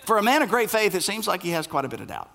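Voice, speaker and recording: A man preaching a sermon as pastor, animated and playful, acting out the voices in the story. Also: high voice, rapid-fire, gravelly.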